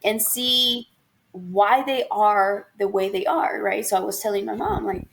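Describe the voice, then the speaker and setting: A woman's voice: medium pitch, unhurried, vocal fry. A young woman co-hosting a podcast in casual chat, telling stories, acting out quoted voices and swearing freely. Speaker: podcast co-host.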